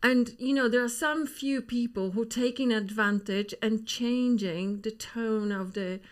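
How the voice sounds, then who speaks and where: A woman's voice: fairly high pitch, fairly even intonation, measured pace. A woman co-hosting a podcast in a casual chat, asking questions and adding her own comments. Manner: asks questions and adds short comments in conversation.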